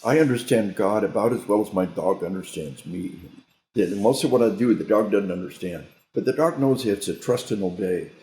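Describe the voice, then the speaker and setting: Male guest trainer, sermon-like and emphatic, low and mellow, echoey recording. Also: normal speed. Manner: emphatic, sermon-like, with repeated restarts. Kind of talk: interview talk, preachy storytelling. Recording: roomy echo.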